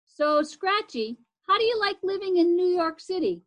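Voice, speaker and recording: A woman reads as a friendly child who offers help and encouragement. The voice is high and natural. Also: expressive, moderate pace. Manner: warm and encouraging. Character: friendly, helpful kid, the story's narrator.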